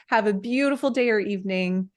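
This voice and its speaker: A woman hosting an interview, talking up a course in an upbeat, sales-pitch way and wrapping up the show. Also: fairly quick. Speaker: podcast host. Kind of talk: promotional interview chat.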